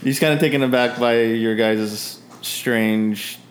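A man's voice: medium pitch, slow pace. A man narrating as game master of a tabletop game, rambling with frequent fillers.

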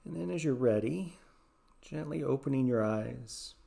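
A man with a gravelly, mellow voice leads a guided meditation. He speaks softly and slowly, leaving long, unhurried pauses between phrases. His steady middle pitch stays gentle throughout. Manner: soft-spoken, slow and gentle with long pauses. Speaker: yoga and meditation teacher, podcast host.

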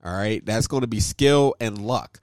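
A man co-hosting a casual gaming podcast, animated and laughing often, his voice jumping high when excited. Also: moderate pace, no room sound. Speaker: podcast co-host.

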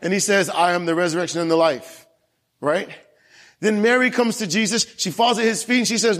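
A man's voice: sits high, fairly quick, fairly bright tone, in a large hall. A young man preaching a sermon, telling a family story and asking the congregation questions. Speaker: pastor. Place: church.

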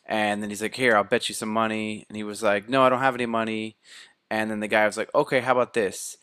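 Man, casual chat, chimes in, lowish voice, dry sound, a bit far from mic. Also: flat delivery, quick pace, fairly bright tone, smooth, no room sound. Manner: chiming in, finishing the other's sentences. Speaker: co-host.

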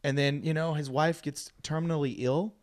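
A man hosting a podcast in a studio, telling stories in an animated, casual way and laughing often. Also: on the high side, normal speed. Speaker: podcast host. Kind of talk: casual chat.

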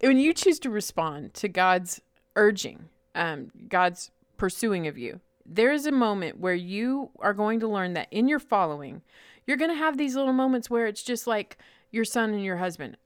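A woman's voice: medium pitch, lively intonation, normal speed, clean tone, no echo, studio quality. A middle-aged woman co-hosting a faith-based chat, telling stories with playful voices and laughter. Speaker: co-host.

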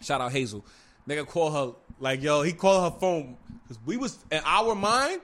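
Man, high voice, casual storytelling, animated, slangy. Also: moderate pace. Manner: animated, loud laughing bursts, slangy.

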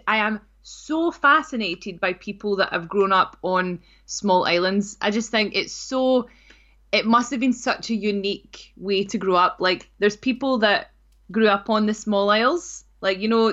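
A Scottish woman chats casually as a podcast co-host, tossing in playful asides and giggles. Her voice sits at a middling pitch, and the recording sounds a little dull and lo-fi. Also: normal speed, fairly bright tone. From Scotland. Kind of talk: casual chat.

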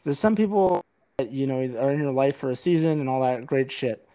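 A man's voice: mid-range voice, lively intonation, a little fast, dark tone. A man co-hosting a podcast, ranting in a heated, swear-filled casual talk on a filmed set. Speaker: podcast co-host.

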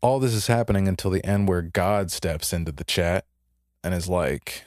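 A man's voice: sits low, moderate pace, darkish tone, dry recording, clean studio sound. A young man co-hosting a podcast, casually retelling a story and acting out the characters' lines in a laid-back way. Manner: laid-back, retells stories with put-on voices. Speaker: podcast co-host.

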